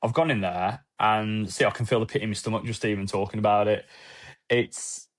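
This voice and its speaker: Speaking in a lowish voice with fairly even intonation, a man who used to be a police officer opens up emotionally and candidly during a podcast interview. His telling includes halting restarts, quoted dialogue and offhand swearing.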